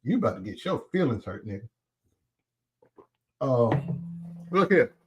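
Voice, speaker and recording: A man vlogger delivering an angry, profane call-out rant, swinging from loud outbursts to low muttering and eating as he talks. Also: big pitch swings, measured pace, a little hiss or hum. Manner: eats while talking. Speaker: commentary vlogger.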